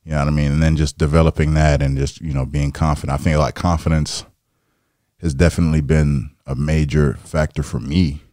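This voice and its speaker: A man's voice: very deep voice, little pitch movement, a little fast, dark tone, no echo, studio quality. A man, a guest comedian, chatting casually on a podcast in a laid-back, confident way with casual swearing.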